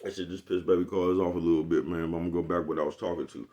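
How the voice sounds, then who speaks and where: Brief: streetwise Oakland man vlogging to his camera, low voice, rambling, profane. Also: level tone, rapid-fire, dark tone. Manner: streetwise, profane, rambling, constantly asks "you know what I'm talking about?". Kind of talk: casual monologue to camera.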